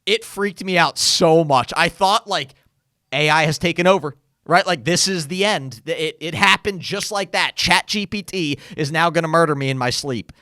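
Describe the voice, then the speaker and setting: A young man co-hosting a podcast, telling stories in a casual, animated chat. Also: fairly high pitch, moderate pace, dry recording, clean studio sound. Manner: animated storytelling, frequent "like". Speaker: podcast co-host.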